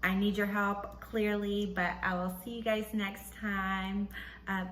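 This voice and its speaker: A woman hosting a podcast, casually telling a personal story and acting out what others said in a higher voice. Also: a little slow, roomy sound, slight background noise, poor audio. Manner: animated, acts out quotes in a high voice, laughs often. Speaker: podcast host.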